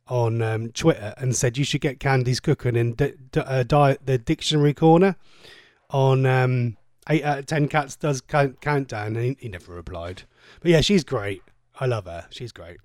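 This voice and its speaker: Cheeky, chatty radio presenter. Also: male voice, mid-range voice, a little mellow, no echo, studio quality. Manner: chatty, cheeky and rambling, with frequent stammered restarts. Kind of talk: casual radio chat reading listener messages. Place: radio studio.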